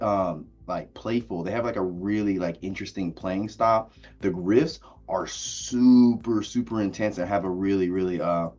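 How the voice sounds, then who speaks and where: A man's voice: lowish voice, darkish tone, husky, lo-fi sound. An enthusiastic man giving a casual spoken music review, with plenty of "like" and "uh" fillers. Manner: enthusiastic, lots of likes and uhs. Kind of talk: casual video album review.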